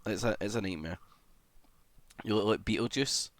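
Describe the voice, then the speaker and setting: A young man chats casually on a livestream, reeling off greetings to viewers and dropping swear words as he goes. His voice sits fairly low. The sound is dry and close, with no room echo. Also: moderate pace.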